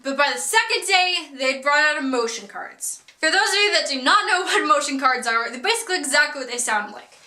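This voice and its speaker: A young woman telling a storytime vlog in an animated, self-mocking way with frequent laughs. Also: high-pitched, a little fast, few pauses, roomy sound. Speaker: vlogger.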